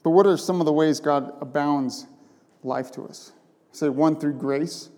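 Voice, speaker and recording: A male pastor preaching an emphatic, conversational sermon in a slightly high, mellow voice. He keeps checking in with the room through quick rhetorical questions. Long reverb from the church sanctuary trails behind each phrase.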